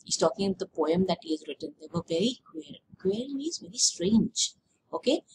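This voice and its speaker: Woman teacher, patient step-by-step explaining, medium pitch, faint hiss behind. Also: big pitch swings, a little mellow, poor audio. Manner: explains slowly, repeats words, checks with "okay?". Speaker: English teacher. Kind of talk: classroom lesson explanation.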